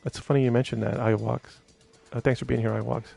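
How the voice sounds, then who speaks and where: A man's voice: mid-range voice, little pitch movement, quick pace, gravelly, mellow, faint music behind. A man chatting casually on a live stream, rambling with many fillers and restarts while reading viewer comments.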